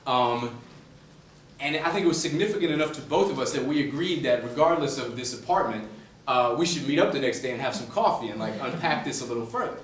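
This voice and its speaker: A man's voice: mid-range voice, animated, fast, slight background noise. A man from the Boston suburbs, an author speaking to a university class, telling a story in a conversational way with many fillers. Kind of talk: humorous storytelling lecture. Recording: echoey room, distant mic, faint ambience.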